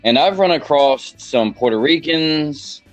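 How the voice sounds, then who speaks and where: A man with a Southern American accent hosting a podcast, chatting casually in a rambling, halting way with many fillers. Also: fairly high pitch, expressive, highs cut off, faint music behind. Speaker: podcast host. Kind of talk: casual chat.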